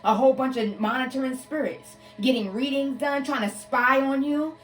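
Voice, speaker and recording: Higher-voiced woman w/ aave doing a blunt cussing tarot reading, kinda off-mic, faint music behind. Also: fairly even intonation, normal speed, recorded from a distance. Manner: blunt, profane, addresses listeners as y'all. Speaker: tarot reader. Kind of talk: casual live tarot reading.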